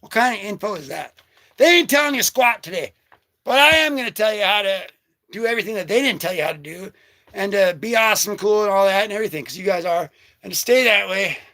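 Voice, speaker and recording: High bright male voice, excitable comic vlogger, joking slang, dry close sound. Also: fast talker, dry recording. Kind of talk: casual livestream commentary.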